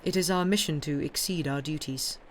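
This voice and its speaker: A woman voicing a calm, devout male priest with an Italian accent, speaking in a measured, earnest way. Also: sits low, a little hiss or hum, lightly acted. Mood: solemn.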